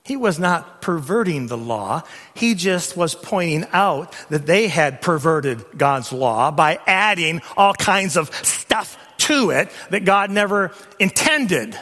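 A middle-aged male pastor preaches with a bright, forceful tone and a fairly high voice. He builds to loud, emphatic peaks. His voice rings through the long reverb of a church sanctuary. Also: very animated, slow pace. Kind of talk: sermon. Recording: long reverb of a large hall.

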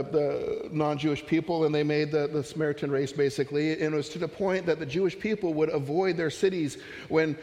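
Man, pastor, relaxed storytelling sermon, slightly higher voice, reverberant church sound. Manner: conversational, storytelling with asides and humor.

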